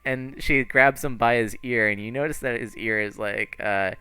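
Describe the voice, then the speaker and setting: Bright, crisp-voiced game master. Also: male voice, medium pitch, fairly even intonation, brisk, hardly any pauses. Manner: laid-back, rambling. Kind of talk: narrating a tabletop game.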